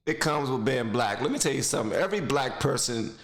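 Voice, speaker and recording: A man's voice: mid-range voice, lively intonation, fast, fairly bright tone, echoey room. A man giving blunt, mocking casual commentary while reacting to a video clip, rambling into stories.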